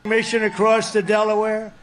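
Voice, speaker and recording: A man's voice: high-pitched, completely flat delivery, moderate pace, slight background noise. A man giving a rambling, repetitive rally speech. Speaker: politician.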